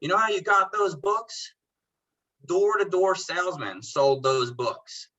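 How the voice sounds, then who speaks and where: A man's voice: high-pitched, slow pace, lo-fi sound. A man, a detailing business owner, chatting casually as a podcast guest and telling stories by acting out both sides of old conversations in a laid-back, slangy way. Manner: animated storyteller who acts out both sides of conversations; laid-back slang, calls people bro and dude. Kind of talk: casual interview chat.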